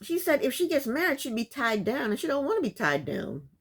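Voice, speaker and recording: A woman's voice: high voice, sing-song, a little fast, breathy edge. A woman casually recapping a reality show, chatty and sassy, often breaking into laughs.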